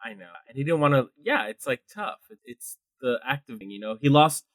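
Animated man co-hosting a podcast. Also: mid-range voice, brisk, dry recording, studio quality. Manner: animated, reads film trivia aloud excitedly. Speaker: guest co-host. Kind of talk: casual podcast chat.

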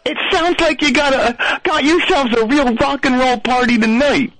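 A man's voice: extremely high pitch, moderate pace, fairly bright tone, no room sound, poor audio. A man playing a dim-witted, boastful Philadelphia stoner who calls in and rambles through his story in a Philadelphia accent. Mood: rambling boastful. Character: brash dim-witted Philly stoner party guy. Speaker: caller. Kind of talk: comedic call-in character bit.

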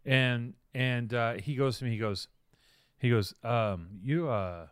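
A man's voice: mid-range voice, slow, smooth, dry recording, clean studio sound. A man co-hosting a podcast, chatting casually in a rambling, profane way and mock-quoting people. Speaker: podcast co-host. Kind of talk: casual banter.

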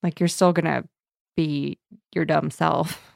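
A woman co-hosting a casual book discussion, animated and laughing often as she retells scenes. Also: low voice, measured pace, gravelly, no echo, studio quality. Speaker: book podcast co-host. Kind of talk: casual chat.

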